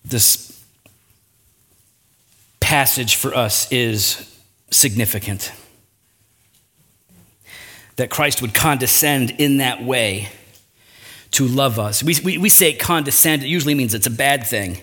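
A man preaching a sermon, earnest, with frequent rhetorical asides and big swings in pitch and loudness. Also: slow pace, pauses often. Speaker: pastor.

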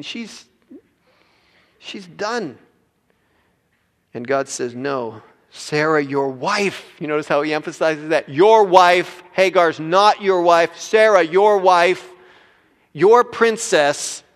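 Pastor preaching in a reverberant hall. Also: male voice, on the high side. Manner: animated, acts out biblical characters with voices. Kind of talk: sermon.

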